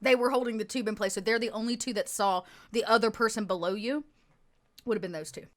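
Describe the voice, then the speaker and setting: A woman's voice: fairly high pitch, fast talker, a bit bright. Woman gm narrating a tabletop sci-fi game, chatty, lots of ums and restarts. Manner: casual, with frequent fillers and restarts. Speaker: game master.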